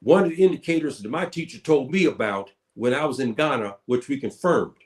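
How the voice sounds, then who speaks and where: A man's voice: mid-range voice, expressive, brisk. A man giving casual spoken commentary, addressing listeners as brother and sister and often repeating his words.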